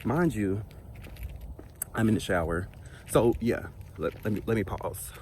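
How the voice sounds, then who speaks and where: A man's voice: on the low side, lively intonation, measured pace, a little mellow, a little hiss or hum. A young man vlogger telling a casual storytime while walking outdoors, sassy and chatty with asides to his viewers.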